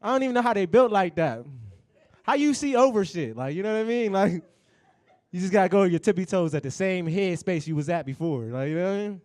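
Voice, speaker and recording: A young man works through a stand-up set, swearing freely and talking straight to the audience. His voice sits high and swings up and down, and the sound is dry and close. He keeps an animated, loose delivery. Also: fairly quick, no room sound. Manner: animated, profane, addresses the crowd directly. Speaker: stand-up comedian. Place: comedy show stage.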